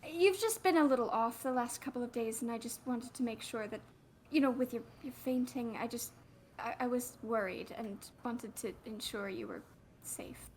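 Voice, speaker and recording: A woman's voice: on the high side, a little mellow, slight background noise, natural voice. A woman voicing an earnest, stammering apologetic man. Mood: worried. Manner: halting, stammering repeats. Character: earnest, apologetic man fussing over a friend. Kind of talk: in-character tabletop role-play.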